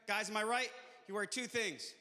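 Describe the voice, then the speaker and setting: A man's voice: high voice, fairly even intonation, fairly quick, sharp tone, big-room sound. A male comedian performing a stand-up set, punchy and chatty with the crowd.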